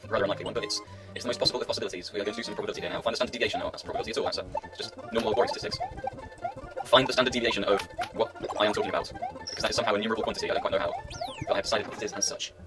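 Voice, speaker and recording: A man's voice: fairly low pitch, steady tone, rapid-fire, loud music behind the voice. A man giving rambling, self-mocking commentary while he plays a video game, talking half to himself. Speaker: let's play gamer.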